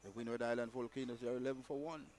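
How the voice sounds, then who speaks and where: A man giving live cricket co-commentary in a calm, steady summarizing manner. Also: medium pitch, racing.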